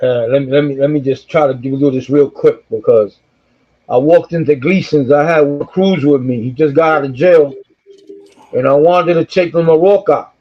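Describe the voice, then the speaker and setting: A male co-host with a somewhat high voice tells a story in an animated, casual way. The audio is dull and lo-fi, missing its top end. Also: moderate pace. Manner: animated anecdote teller.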